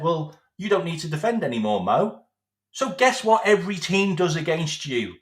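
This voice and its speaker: A man's voice: fairly high pitch, fairly bright tone, echoey room. Sarcastic, sweary man ranting. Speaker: football fan vlogger. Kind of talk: ranting monologue.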